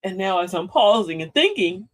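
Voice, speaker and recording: Lively older woman hosting a talk. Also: medium pitch, moderate pace. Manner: animated, preachy, playful with slang. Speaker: host of a live talk show. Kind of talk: motivational live-stream talk.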